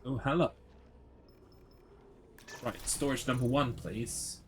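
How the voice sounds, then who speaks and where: A man's voice: medium pitch, takes it slowly, a little hiss or hum. A man chatting casually while streaming a horror game, rambling through stories and swearing freely. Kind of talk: casual live gameplay chat.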